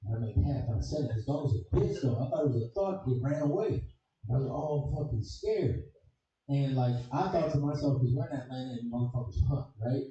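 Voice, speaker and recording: A man's voice: mid-range voice, brisk, dark tone, very echoey, far from the mic, highs cut off. A man from Chicago doing a crude, rambling stand-up comedy set, swearing constantly. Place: comedy club stage.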